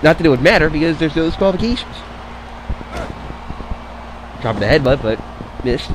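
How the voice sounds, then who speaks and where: A man calls a wrestling game match in loose, excitable play-by-play, his voice a bit higher than most and swinging widely in pitch. He curses freely and wanders into rambling side remarks. A faint hum of background noise sits under him. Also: fairly quick. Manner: excitable, cursing, rambling off-topic asides. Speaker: play-by-play commentator. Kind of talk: casual wrestling-game commentary.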